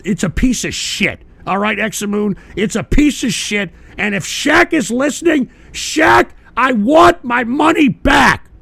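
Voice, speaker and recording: A man hosting his own livestream radio show, ranting angrily with lots of swearing and sudden shouted bursts while answering chat. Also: on the high side, gravelly. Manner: profane, combative, shouting bursts. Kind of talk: angry ranting commentary, reading chat.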